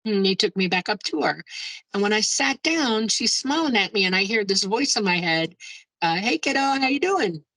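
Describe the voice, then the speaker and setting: A woman guest telling her own story in a casual, excitable way, often exclaiming and laughing as she goes. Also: mid-range voice, normal speed, creaky, dry recording, rough recording. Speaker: guest, UFO experiencer. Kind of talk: casual first-person storytelling.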